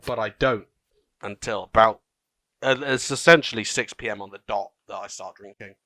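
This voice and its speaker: A man's voice: lowish voice, normal speed, bright, forceful tone, no echo. An eighteen-year-old man co-hosting a podcast in casual chat, swearing often and laughing at himself. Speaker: podcast co-host.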